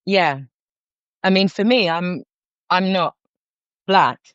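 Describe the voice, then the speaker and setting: Speaking as a podcast guest, this middle-aged North London woman, a counsellor with a London accent, tells a frank, animated story and restarts often. She talks slowly in a fairly low voice. The audio is dry, with a dull, lo-fi quality.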